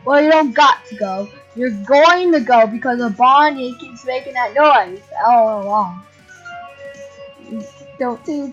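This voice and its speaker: A woman's voice: a little high, husky. A woman casually commenting on her gameplay, giggling a lot and breaking into playful squeals. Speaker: gamer. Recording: dull lo-fi audio with faint game music.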